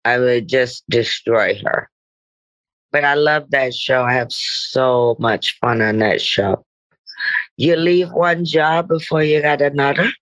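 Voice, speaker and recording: A woman's voice: extremely low pitch, slow pace, a bit bright, low-quality recording. A middle-aged woman, a guest actress, speaking reflectively in a podcast interview with meandering "you know" asides.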